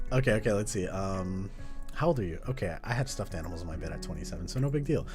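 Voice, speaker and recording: Casting note: man in his twenties, low voice, playful chatty host, with music playing underneath. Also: animated, quick pace, darkish tone. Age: 20s. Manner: chatty and playful, often laughing at himself. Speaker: journaling video host. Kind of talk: casual live chat while journaling. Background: background music.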